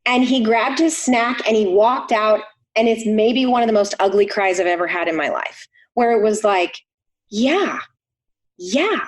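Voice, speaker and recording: A woman's voice: mid-range voice, moderate pace, hardly any pauses. A middle-aged woman, a chiropractor guest on a podcast, telling a personal story in an earnest way. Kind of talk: casual conversation.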